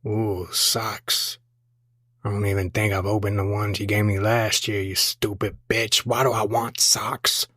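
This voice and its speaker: A man's voice: lowish voice, little pitch movement, a little slow, bright, forceful tone, breathy edge, dry recording, clean studio sound, exaggerated voice. A man voicing a grumpy middle-aged dad who mutters rude insults.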